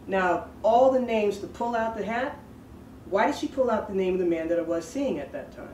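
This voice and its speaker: A woman's voice: mid-range voice, moderate pace. A woman telling a personal story in a chatty, digressive way, laughing at herself as she goes. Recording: roomy sound from a distant mic with faint background noise.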